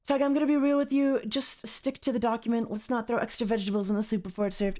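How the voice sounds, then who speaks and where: A woman's voice: fairly high pitch, fairly even intonation, fast, a little mellow. A woman streamer reacting on a live stream, rambling and exasperated, repeating herself as she talks. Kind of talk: casual livestream commentary.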